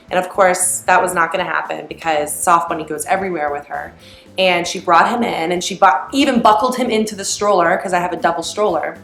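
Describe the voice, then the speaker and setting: Mother, casual rambling storyteller, lowish voice, echoey room. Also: fairly bright tone. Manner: chatty, meandering, with many fillers. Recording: roomy echo.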